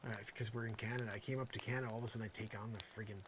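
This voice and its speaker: A man doing an improvised comic monologue, rambling and sarcastic, swinging between loud outbursts and muttered asides. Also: lowish voice, fairly even intonation, rapid-fire, few pauses, noisy background. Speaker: comedian.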